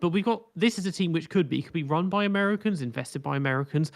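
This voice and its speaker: A man's voice: a little high, lively intonation, fast. A man speaking as a guest on a casual podcast, opinionated and rambling, with frequent restarts.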